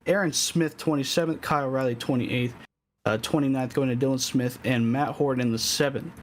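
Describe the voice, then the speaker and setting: A man's voice: medium pitch, fairly even intonation, a little fast, a little hiss or hum. Hesitant male rookie race broadcaster. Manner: hesitant, self-described rookie. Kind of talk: sim racing results rundown.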